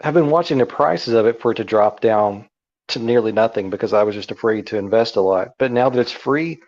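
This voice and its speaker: Low-voiced man on muffled audio. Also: a little fast, a little mellow. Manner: earnest, friendly, easygoing. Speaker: co-host. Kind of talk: casual gaming chat.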